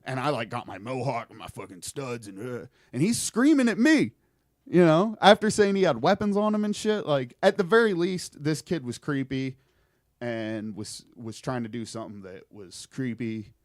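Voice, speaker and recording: A young man guesting on a podcast tells a creepy personal story, rambling and swearing through an animated retelling. His mid-range voice moves at normal speed, recorded at studio quality with no echo. It's casual storytelling.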